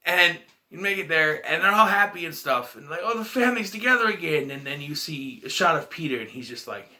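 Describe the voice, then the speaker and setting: A man's voice: a little high, brisk, bright, forceful tone. A man casually reviewing a movie in a vlog, retelling scenes in a rambling, emotional way.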